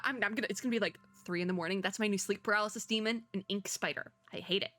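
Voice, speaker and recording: A woman doing let's play commentary, reading game text aloud and chatting in an excitable, nervous way. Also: medium pitch, very fast, hardly any pauses, soft background music. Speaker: gaming video creator.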